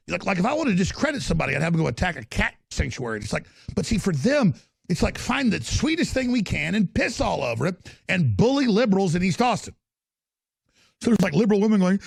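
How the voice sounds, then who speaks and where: A man's voice: high-pitched, very animated, fast talker, gravelly, breathy edge, no room sound. A man hosting a podcast livestream, ranting sarcastically and mocking people in put-on voices. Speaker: podcast host.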